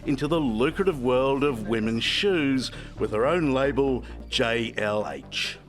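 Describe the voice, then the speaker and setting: A male reporter giving scripted TV narration in a measured storytelling way. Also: medium pitch. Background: music bed.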